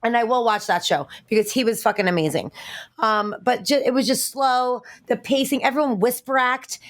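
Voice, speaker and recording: A woman's voice: on the high side, moderate pace. A woman, a guest on a casual panel podcast, ranting profanely with lots of fillers and restarts.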